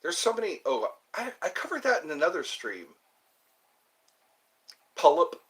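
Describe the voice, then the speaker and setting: A man's voice: fairly high pitch, sing-song, normal speed. A man streaming live, rambling and joking as he chats with his viewers. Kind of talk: casual live-stream chat.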